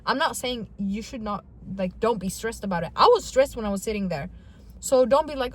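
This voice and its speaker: A woman's voice: fairly high pitch, lively intonation, moderate pace, breathy edge. A young woman vlogging to camera in casual talk, chatty and dramatic, with self-mocking asides.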